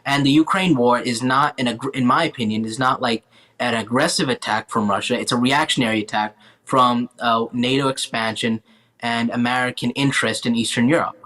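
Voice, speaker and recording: A man's voice: mid-range voice, steady tone, bright, forceful tone. A young man sits as a guest on a panel and argues a political view. His mid-range voice is earnest, and he stops often to correct himself. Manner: earnest, halting, self-correcting. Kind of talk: political opinion in a panel chat.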